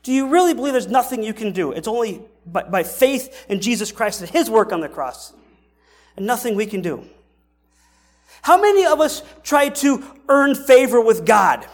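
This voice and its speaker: A man's voice: very high-pitched, very animated, normal speed. A male pastor preaching a sermon in a conversational way, asking rhetorical questions and often restarting his sentences.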